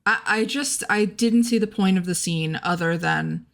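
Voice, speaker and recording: Female podcast co-host, mid-pitched, frank and dry, casual film talk. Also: normal speed, fairly bright tone. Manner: frank, dryly cynical.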